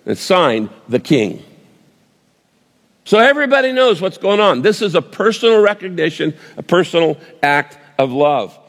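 A man preaching a sermon, telling a vivid story with pauses and restarts. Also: high voice, very animated, a bit bright, in a large hall. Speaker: pastor.

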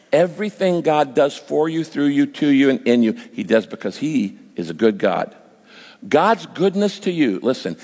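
Man preaching a sermon in a reverberant hall. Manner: storytelling with quoted prayers, animated swings in pitch. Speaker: pastor.

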